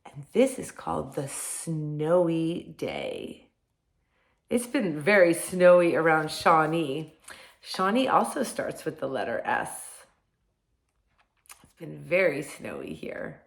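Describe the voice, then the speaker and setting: A woman reads a picture book to a kindergarten class, slowly and with wide, swooping melody. She draws the children in and asks them to join in on the refrain. Her fairly low voice rings with a roomy echo. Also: vocal fry. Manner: animated, sing-song storytelling that draws children into saying lines along. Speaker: kindergarten teacher.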